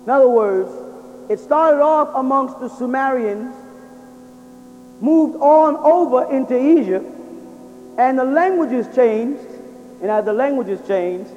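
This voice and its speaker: A man's voice: very high voice, lively intonation, slow pace, pauses often, a little mellow, faint music behind. A man giving a religious lecture to an audience, drilling his listeners with rhetorical questions. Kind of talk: lecture-style sermon to an audience. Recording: dull lo-fi recording in a reverberant hall.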